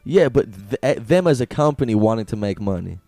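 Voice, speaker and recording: Young dude on a podcast, super animated, laughs a lot, mellow tone, dry mic. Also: male voice, lowish voice, a little fast, no room sound, soft background music. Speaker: podcast co-host. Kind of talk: casual banter. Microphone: studio microphone.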